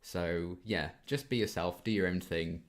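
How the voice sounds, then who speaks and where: A man's low voice, a touch slow, carries this casual Q&A. The young host of a YouTube reaction channel, in his twenties, reads viewer questions out loud and talks through answers with many ums.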